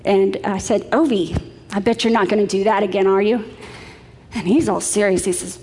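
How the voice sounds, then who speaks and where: A woman's voice: mid-range voice, steady tone, moderate pace, darkish tone, long reverb tail, a little hiss or hum. A middle-aged woman preaching a sermon, telling stories in a chatty way with light laughs.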